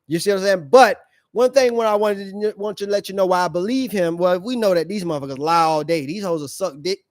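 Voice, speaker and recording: A high-voiced man rants in blunt slang on his live reaction stream, throwing questions at his viewers. The sound is dry and close, with no room around it. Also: fast, dry recording. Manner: blunt, slangy, preachy, asks the audience questions. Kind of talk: ranting commentary on a played clip.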